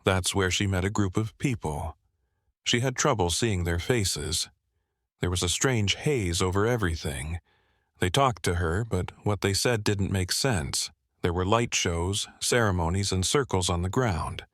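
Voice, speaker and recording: A man narrating a dark story in a steady, even storytelling manner. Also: deep voice, unhurried, dry recording, clean studio sound. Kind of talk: scripted narration.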